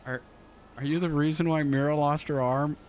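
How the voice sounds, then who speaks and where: A man's voice: fairly high pitch, moderate pace, a little hiss or hum, natural voice. A man playing a laid-back teasing guy. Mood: questioning. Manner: relaxed, laughs, presses with questions. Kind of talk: role-play in character.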